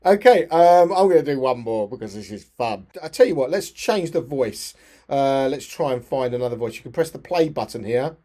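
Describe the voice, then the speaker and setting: A man talking teachers through a software tutorial in a chatty, step-by-step way. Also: mid-range voice, animated, normal speed. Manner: chatty, step-by-step, frequent restarts. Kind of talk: screen-share tutorial narration.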